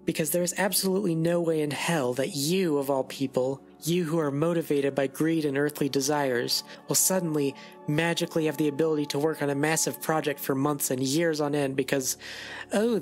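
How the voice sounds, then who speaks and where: An animator giving casual advice to viewers in a voice-over, sarcastic and rambling, with frequent asides. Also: mid-range voice. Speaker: animator and video creator.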